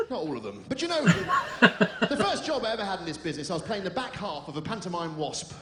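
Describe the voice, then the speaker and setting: A man performing stand-up comedy, rattling off deadpan one-liners and puns. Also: high-pitched, moderate pace, reverberant, noisy background. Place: theater stage.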